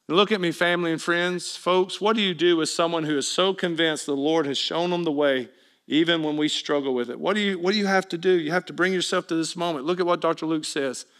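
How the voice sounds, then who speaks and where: A man preaching a sermon as pastor, swinging between loud emphatic appeals and hushed asides, often questioning his congregation directly. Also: on the high side, steady tone, fairly quick.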